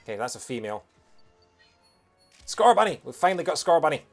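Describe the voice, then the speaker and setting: A man giving casual gameplay commentary as a let's play host, excitable and chatty, humming tunes and cracking jokey asides. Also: mid-range voice, very fast, faint music behind.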